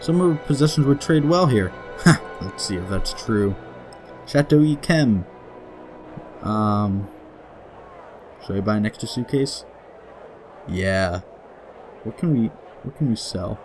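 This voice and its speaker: A man with a somewhat low voice works through a story game, reading each passage aloud at an unhurried pace. He keeps laughing at the text, then slips into quick offhand remarks before picking the narration back up. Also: expressive, a little mellow, faint music behind. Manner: giggly, laughs often while reading; reads story passages slowly, then mutters quick asides. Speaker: let's play gamer.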